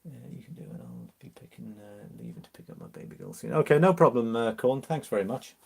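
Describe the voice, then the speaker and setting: A man from Liverpool with a mixed English accent, mildly Liverpool, hosting a relaxed, casual live-stream chat and answering viewers. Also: medium pitch, quick pace, vocal fry, breathy edge. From Liverpool, England. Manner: chatty, relaxed, reads out viewer comments with easy laughs.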